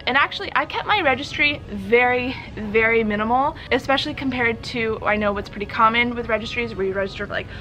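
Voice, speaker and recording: A woman's voice: a little high, fast, few pauses, pushed and bright. A young woman vlogging in a casual, chatty way, laughing often and a little out of breath. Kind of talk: casual chat to camera.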